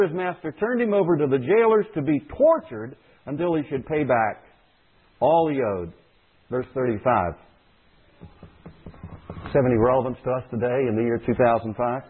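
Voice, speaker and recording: A man's voice: medium pitch, normal speed, pauses often, breathy edge. A man preaching a sermon as a pastor, speaking with emphasis and repeating key phrases for stress. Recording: tinny phone-like audio.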